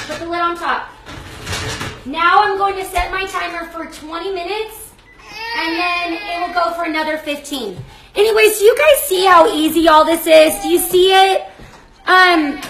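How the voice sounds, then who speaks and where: A woman's voice: extremely high pitch, a bit bright. A woman hosting a live cooking demonstration from her home kitchen, chatty and effusive, often breaking off mid-sentence. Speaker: cooking show host. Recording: echoey kitchen. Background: baby crying.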